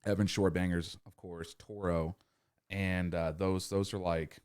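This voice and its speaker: A man's voice: low voice, little pitch movement, unhurried, a little mellow. A man hosting a podcast, giving sales tips in a rambling, profane, casual monologue. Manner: profane, rambling, acts out customer scenes. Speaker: podcast host.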